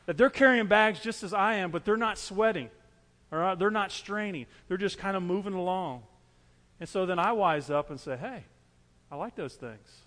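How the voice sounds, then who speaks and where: A man's voice: high voice, moderate pace, a bit bright, in a large hall. A man preaching a sermon as pastor, earnest and repetitive, driving his points home with everyday illustrations.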